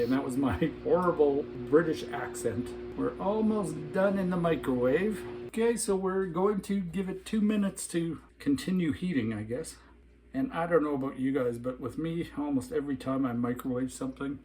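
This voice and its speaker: A man's voice: mid-range voice, noisy background. A man from North America giving a casual food review at home in his kitchen, blunt and openly disgusted.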